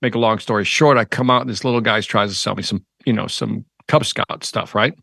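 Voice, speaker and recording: A man's voice: on the low side, fairly quick, gravelly, dry recording, clean studio sound. A middle-aged man, a sales trainer, telling an anecdote in an interview and acting out its dialogue. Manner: animated, acts out the dialogue in his anecdotes. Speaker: sales trainer and motivational speaker. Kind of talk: storytelling in an interview.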